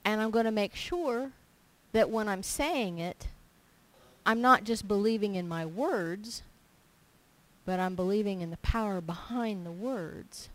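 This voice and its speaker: A woman preaching in a relaxed, homey way, telling personal stories and repeating her points for emphasis. Her voice sits at a middle pitch. She acts out little exchanges as she talks. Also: a little slow, low-quality recording. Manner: animated storytelling, acting out little dialogues in her own voice; emphatic and repetitive. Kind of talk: informal sermon with personal stories.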